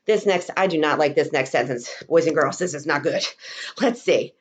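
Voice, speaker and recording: A young woman teaching kindergarten remotely from home, speaking in a slow, encouraging, sing-song teacher voice and sounding words out. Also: low-pitched, lively intonation. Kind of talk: remote lesson for young children. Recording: dull lo-fi recording.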